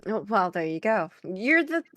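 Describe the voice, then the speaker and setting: A woman's voice: medium pitch, big pitch swings, normal speed, fairly bright tone, no echo, clean studio sound. A woman playing her character in a tabletop role-play game, chatty and giggly, often trailing off mid-thought.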